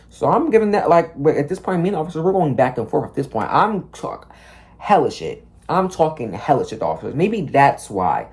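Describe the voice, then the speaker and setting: A young man telling his story straight to the camera, rambling and casual, and full of "like". He swears freely and uses street slang. He acts out the other people in his story with quick changes in voice. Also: a little high. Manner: rambling, heavy use of "like", profane slang; animated storytelling, acting out officers and himself. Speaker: vlogger. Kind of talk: storytime monologue.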